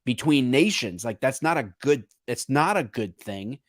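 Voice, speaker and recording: A man's voice: mid-range voice, animated, moderate pace, no echo, clean studio sound. A man co-hosting a podcast, talking through an issue in a casual, earnest way and often restarting his sentences as he searches for words. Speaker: podcast co-host. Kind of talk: casual political discussion.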